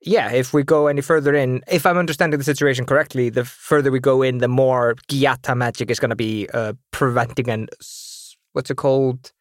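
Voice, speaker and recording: A man's voice: mid-range voice, fairly even intonation, brisk, hardly any pauses, no echo. A man with an ordinary mid-range voice plays a tabletop game, rambling and searching for words as he describes his character's moves. The sound is dry and close. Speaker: player.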